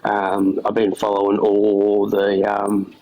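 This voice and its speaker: A man's voice: fairly low pitch, completely flat delivery, takes it slowly, dark tone, poor audio. An Australian man calling into a livestream, hesitant and friendly, with lots of ums. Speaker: caller. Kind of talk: casual chat.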